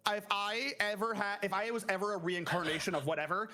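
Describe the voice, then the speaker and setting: A man streamer in casual chat who rambles and jokes, with sudden loud outbursts. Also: high voice, fairly even intonation, brisk, soft background music.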